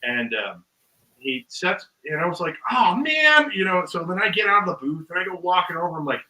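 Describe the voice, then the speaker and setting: Far from the mic on a low-quality recording, a man's voice comes through somewhat high, bright, forceful, and animated, moving a little fast. He's a guest musician telling a long, rambling story in casual chat, full of ums and uhs, acting out quotes from the people in it and laughing.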